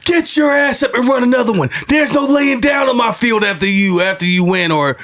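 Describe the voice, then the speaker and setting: A man voicing his stern male football coach, shouting orders at a player. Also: very high-pitched, a little fast, pitched above the performer's own voice. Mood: angry.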